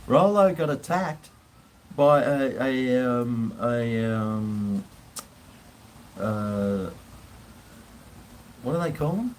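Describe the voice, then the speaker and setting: A man telling a casual, rambling story, with frequent pauses and casual swearing. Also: mid-range voice, a little mellow, slight background noise, rough recording. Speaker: vlogger.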